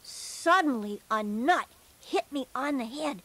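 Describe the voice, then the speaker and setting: Cheerful bear narrator, high voice, slow, gentle earnest storybook telling. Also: male voice, expressive, exaggerated voice.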